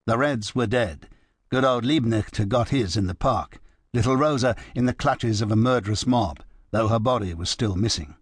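A man narrating an audiobook in a measured, even manner. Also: mid-range voice, breathy edge, dry recording, studio quality. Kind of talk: scripted narration.

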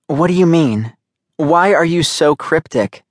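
A hurt young woman asks soft, pleading questions in a voice lifted well above the reader's own, as a male audiobook reader puts her on. The delivery is slow, and the studio sound is dry and close. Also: on the high side, animated, no echo, voice pushed up.

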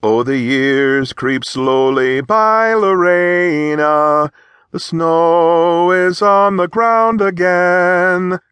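A man voicing a playful young male cavalry officer who teases and sings a slow ballad. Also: medium pitch, animated, a bit bright, husky, no room sound, pitched above the performer's own voice. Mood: singing slowly.

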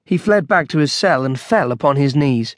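A man narrating an audiobook in a measured, wry storytelling manner on a close studio mic. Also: medium pitch, no room sound.

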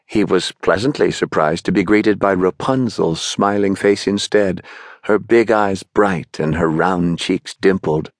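A man narrating a children's audiobook in an expressive storytelling manner. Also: low voice, measured pace, no echo, clean studio sound. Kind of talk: scripted narration.

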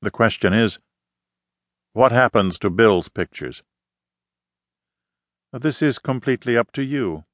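A man's voice: mid-range voice, animated, unhurried, long pauses, dry recording, natural voice. A man voicing an intense middle-aged woman photographer with a slight foreign accent and formal, emphatic phrasing, read in an audiobook. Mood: earnest. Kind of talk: audiobook character reading.

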